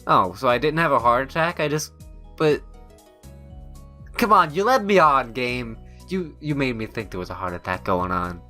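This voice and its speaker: A man hosting a visual novel playthrough, reading aloud and breaking off into rambling, excitable asides. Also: mid-range voice, moderate pace, faint music behind. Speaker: let's-play host.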